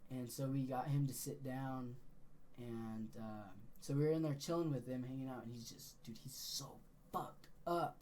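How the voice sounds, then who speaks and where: Young man, podcast co-host, animated storyteller, mid pitch, faint noise. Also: normal speed. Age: young adult. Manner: animated storytelling, swears a lot. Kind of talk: casual podcast chat.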